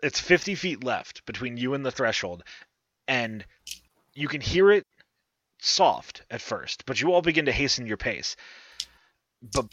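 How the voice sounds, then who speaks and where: A man game master narrates a tabletop adventure in a crisp, bright voice, lingering on vivid details. His voice is heard over an online voice chat with muffled, lo-fi sound. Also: mid-range voice, very animated, no room sound. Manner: slow, vivid scene description with drawn-out words. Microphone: online voice call.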